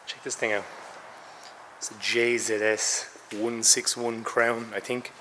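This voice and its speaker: A man chatting casually through a car restoration vlog, his voice a bit hoarse, matter-of-fact with some swearing. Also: mid-range voice, level tone, slow, sharp tone, big-room sound, a little hiss or hum. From Ireland. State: hoarse, says he lost his voice. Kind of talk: casual workshop vlog narration. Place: large garage workshop, indoors.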